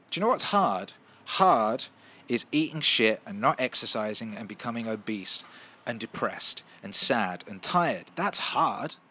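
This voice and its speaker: A man, hosting a casual livestream and answering viewer questions in a profane, animated way, full of restarts. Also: medium pitch.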